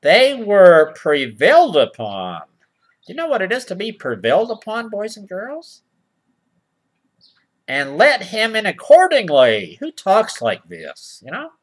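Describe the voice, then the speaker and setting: Sarcastic man with wildly swooping pitch. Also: wildly swooping pitch. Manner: sarcastic, mock-innocent, keeps asking boys and girls; drawls slow over-read quotes. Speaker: comic reader of nursery rhymes. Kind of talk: mock children's-show comedy reading.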